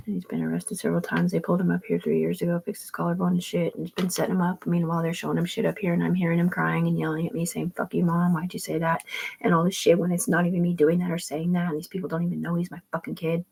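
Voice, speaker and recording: A woman's voice: fairly low pitch, creaky, darkish tone, slightly rough, rough recording. A middle-aged woman rambling through family photos in a profane, meandering monologue. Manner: rambling and profane, jumping between topics.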